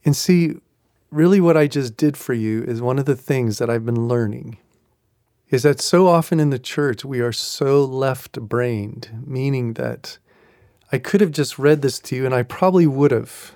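A man's voice: medium pitch, unhurried, a little mellow, no echo, studio quality. A man hosting a devotional podcast, teaching in an earnest, reflective way and repeating key phrases. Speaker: podcast host and Christian teacher.

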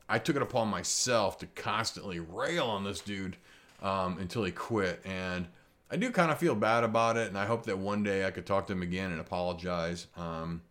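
A man's voice: lowish voice, moderate pace, a bit bright. A man, a tattoo artist, talking through his own faults in a candid, rambling monologue, self-critical and swearing casually.

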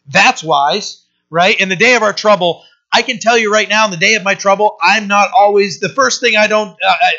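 A man's voice: sits high, bright, forceful tone. A man pastor preaching an informal Bible-study sermon in a rambling, conversational way, often tossing in "right?" and restarting his sentences. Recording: dull lo-fi recording.

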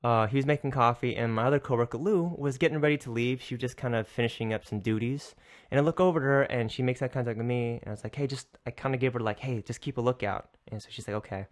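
A male podcast host telling a casual, rambling story in an animated way, swearing freely and often restarting his sentences. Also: medium pitch, quick pace.

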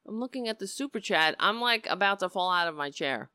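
A woman's voice: fairly low pitch, lively intonation, brisk, pushed and bright, clear, resonant tone, no echo, studio quality. A woman hosting a political livestream show, talking emotionally and rambling, with frequent restarts. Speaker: host of a political talk show. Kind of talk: casual livestream commentary.

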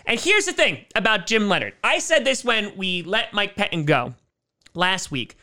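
A man's voice: sits high, sing-song, normal speed, sharp tone. A man hosting casual fan commentary on football, chatty and opinionated. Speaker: sports commentary host.

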